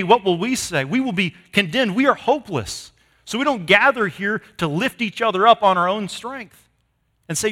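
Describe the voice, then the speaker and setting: Male pastor, high bright voice, emphatic sermon delivery, long hall reverb. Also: animated, normal speed. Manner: emphatic preaching, swinging from loud to hushed.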